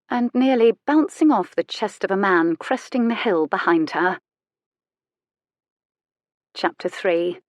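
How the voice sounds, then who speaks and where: A woman narrating a historical romance audiobook in an expressive, measured storytelling manner. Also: fairly low pitch, dry recording, studio quality. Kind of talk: scripted narration.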